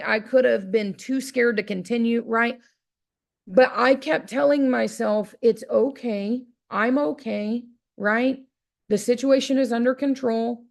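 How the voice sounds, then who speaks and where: A woman's voice: fairly high pitch, creaky. Chatty woman telling a story. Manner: chatty, keeps asking "right?"; lively, acts out her own inner voice. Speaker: motivational speaker. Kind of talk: motivational storytelling talk.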